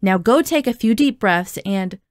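A woman doing a furious shouting drama teacher. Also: medium pitch, expressive, unhurried, dry recording, clean studio sound, natural voice. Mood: angry. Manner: shouting, exasperated. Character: angry adult male drama teacher, short-tempered.

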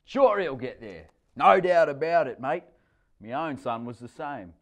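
A blokey middle-aged Australian tradie, voiced by a man reading a story, is speaking to his mates. He is hearty and reassuring, with a broad Australian accent. His voice moves lively up and down. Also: mid-range voice, measured pace, voice pushed up. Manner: hearty, matey.

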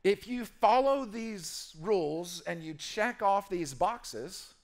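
A man's voice: high voice, lively intonation, takes it slowly. A man preaching a sermon as a pastor, playful and emphatic, acting out quoted voices and repeating key phrases.

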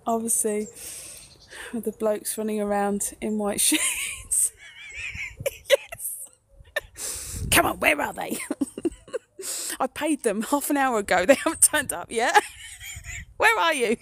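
A woman's voice: high voice, wildly swooping pitch, slow, long pauses, a bit bright, husky. A woman livestreaming a ghost walk outdoors on her phone, chatting, joking with viewers and laughing often. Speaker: paranormal live streamer. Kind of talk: live-streamed ghost walk chat.

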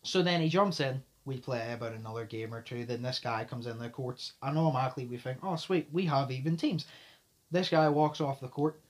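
A man hosting a podcast, telling a story in a casual chat, talking fast and loud and swearing often. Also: medium pitch. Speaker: podcast host.

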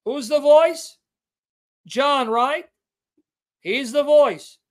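Guy with a really high voice on a livestream, reading bible verses slow and punchy, keeps repeating stuff. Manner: emphatic, repeats key words to drive the point home; reads scripture aloud with slow stressed delivery. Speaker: livestream host, Bible teacher.

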